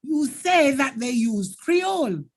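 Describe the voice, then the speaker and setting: Slow-talking high-voiced Jamaican woman teacher. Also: big pitch swings. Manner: patient, explanatory, thanks viewers by name. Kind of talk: live online exam-prep lesson.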